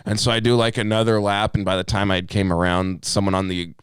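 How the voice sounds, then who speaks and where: A young man co-hosting a podcast, telling everyday stories as animated rants, swearing often and acting out his own outbursts. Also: on the low side, a little fast, smooth, no room sound, clean studio sound. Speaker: podcast co-host. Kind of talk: casual chat.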